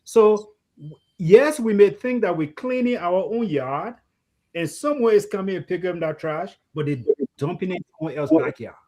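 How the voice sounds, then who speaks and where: A man, co-hosting a casual discussion and telling lively stories. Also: high-pitched, moderate pace. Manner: animated storyteller, voices the people he quotes. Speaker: co-host.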